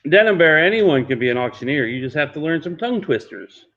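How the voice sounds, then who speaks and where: Man, auctioneer, high voice, bid-calling chant, joking asides, dull lo-fi sound. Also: sing-song, fast talker. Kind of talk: livestreamed benefit auction.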